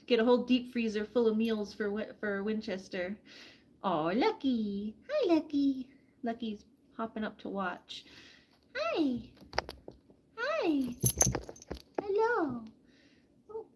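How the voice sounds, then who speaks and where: A woman vlogging from her backyard farm, chatting casually with viewers and softly coaxing a hen through a soak. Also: fairly high pitch. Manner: soft, coaxing talk to an animal. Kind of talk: casual live chat reading comments.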